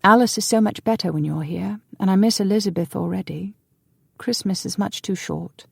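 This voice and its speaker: A woman voicing a frail young nobleman, soft-spoken and hesitant, in an audiobook. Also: medium pitch, normal speed, creaky, husky, no echo, studio quality, voice pushed up. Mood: wistful. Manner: gentle, wistful, soft-spoken.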